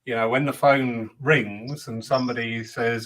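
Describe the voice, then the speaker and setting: A man's voice: medium pitch, steady tone, moderate pace, a bit bright, poor audio. A man hosting a casual panel discussion, chatty and given to acting out quoted voices. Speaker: host.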